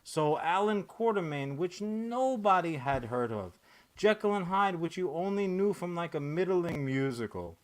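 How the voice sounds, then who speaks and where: A man in his thirties holds forth on a casual podcast, sarcastic and rambling, swearing freely and tripping over fillers and restarts. His voice sits a little higher than most men's. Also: expressive, a little slow. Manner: profane, rambling, sarcastic rant with many fillers. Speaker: podcast host. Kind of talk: casual comic-book podcast chat.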